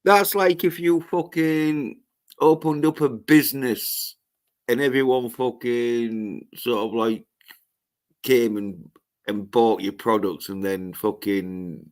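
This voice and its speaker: A man ranting on his own livestream, swearing heavily and often stopping to restart his sentences. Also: fairly low pitch. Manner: profane, ranting, halting with restarts. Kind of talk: solo livestream rant.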